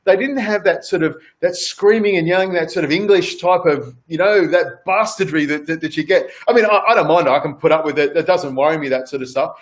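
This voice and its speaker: Rambling Australian man, fairly high voice. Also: a little fast, few pauses. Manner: rambling, repeats words, many fillers. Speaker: celebrity chef guest. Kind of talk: casual chat on a video call.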